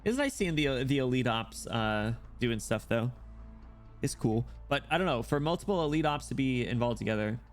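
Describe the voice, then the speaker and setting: Excitable man streaming and reacting. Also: medium pitch, moderate pace, faint music behind. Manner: excitable, laughs and swears freely, reacts loudly. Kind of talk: live-streamed story reading with casual reactions.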